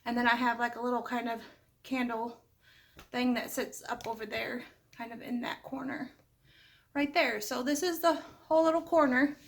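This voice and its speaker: Talking from her living room, this home decor channel host is a middle-aged woman with a slightly high, steady voice and a moderate pace. There's a bit of background noise. She chats warmly with plenty of little asides, coughing now and then since she's a bit unwell, while the camera set up close by shifts around during her talk.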